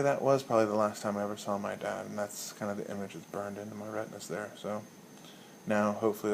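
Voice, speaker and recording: A man giving a casual, rambling comic monologue as a league commissioner, swearing freely and telling a story deadpan. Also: fairly low pitch, slight background noise.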